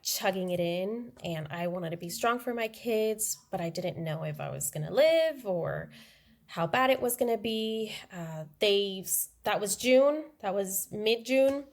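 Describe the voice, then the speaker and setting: Woman in her 30s telling her story on a podcast, mid-pitched, open and candid. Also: animated, measured pace, vocal fry. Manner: candid, acts out quoted dialogue in her story. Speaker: interview guest. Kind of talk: personal storytelling in conversation.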